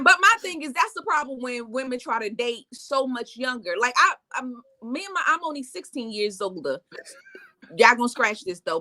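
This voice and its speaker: A woman in her forties co-hosting a casual chat, telling stories in an animated way and acting out what people said. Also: fairly high pitch. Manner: animated storyteller acting out quotes. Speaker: co-host. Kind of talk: casual chat recapping reality TV.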